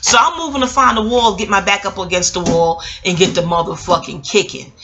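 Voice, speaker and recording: A woman, telling a personal story in a casual vlog. She talks in an animated, profane, slangy way. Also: a little fast, a little hiss or hum. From Queens, New York. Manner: animated, profane, street slang, jumps up in pitch for quoted voices. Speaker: vlogger.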